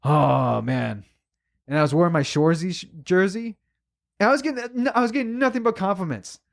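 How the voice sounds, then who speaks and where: A man co-hosting a podcast, telling a story in casual chat, emotional and animated, swearing a lot. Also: sits high, brisk, gravelly. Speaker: podcast co-host.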